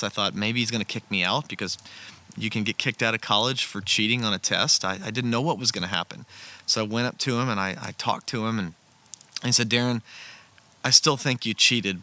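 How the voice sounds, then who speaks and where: A man's voice: lowish voice, pushed and bright. A man telling a personal story in an earnest, conversational way, sitting outdoors beside a campfire. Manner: earnest, conversational, with frequent restarts. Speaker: storyteller sharing a personal testimony. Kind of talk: casual spoken storytelling.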